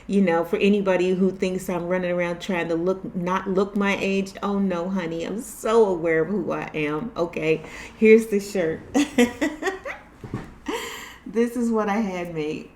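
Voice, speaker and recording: A middle-aged woman hosting her own channel as a tarot reader, talking casually and candidly to her viewers, with lots of swearing, laughter and lively storytelling. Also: fairly low pitch, measured pace. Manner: candid and profane, with animated storytelling and frequent laughs. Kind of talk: casual talk to camera.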